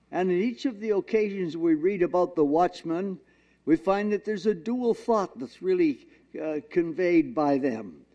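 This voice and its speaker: A man preaching a sermon in an earnest, halting way, reading scripture slowly and drawing out the words. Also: a little high, dark tone. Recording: dull lo-fi recording.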